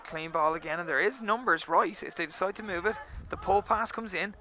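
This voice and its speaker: A man's voice: high voice, a little fast, bright, forceful tone. A man giving analytical live rugby commentary on the radio with a dry sense of humor.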